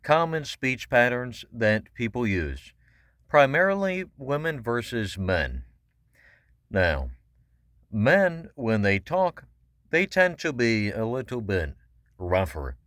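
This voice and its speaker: A man casually explaining voice-acting technique, talking slowly and deliberately with sudden pitch jumps for emphasis. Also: sing-song, a bit bright, dry recording, clean studio sound. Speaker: voice acting coach. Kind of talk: casual spoken tips to camera.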